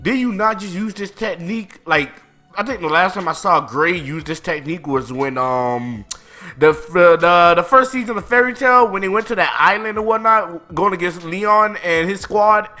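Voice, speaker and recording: A young man casually reviewing manga chapters, animated and excitable, full of slang and swearing. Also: high-pitched, moderate pace, soft background music. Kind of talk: casual chat.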